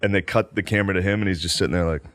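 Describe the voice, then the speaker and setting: A man's voice: low-pitched, fairly even intonation, rapid-fire, crowd noise. A man in a casual podcast chat, animatedly telling a story and acting out quotes, laughing often.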